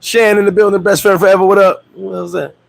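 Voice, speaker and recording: A man hosting a casual livestream chat, animated and laughing, telling stories with profane street slang and acting out quotes in high voices. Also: quick pace, vocal fry, dry recording, poor audio. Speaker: host. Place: Dominican Republic.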